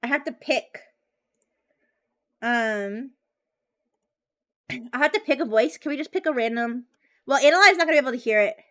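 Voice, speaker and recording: A woman's voice: sits high, normal speed, pauses often, bright, forceful tone. A woman streamer chatting casually and bubbly, with frequent giggles and restarts. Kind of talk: casual live-stream chat.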